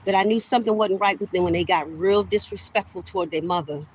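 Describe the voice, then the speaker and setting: A woman's voice: mid-range voice, fairly even intonation, fast, a little hiss or hum, rough recording. Middle-aged woman ranting at the camera, calling everybody out, heated and repetitive. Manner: accusatory, addresses listeners as y'all; emphatic, heated, repeats phrases. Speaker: vlogger. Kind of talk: direct-to-camera rant.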